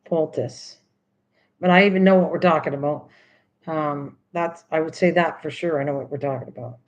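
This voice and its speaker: A woman's voice: low-pitched, brisk, highs cut off. An older woman hosting a craft video, chatting casually and teasingly, repeating words over and over while she works.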